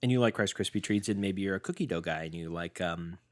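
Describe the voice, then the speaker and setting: A young man with a low-pitched voice talks fast while co-hosting a casual food-tasting podcast. Reviewing snacks, he's playful and jokey, interrupting and slipping into silly bits.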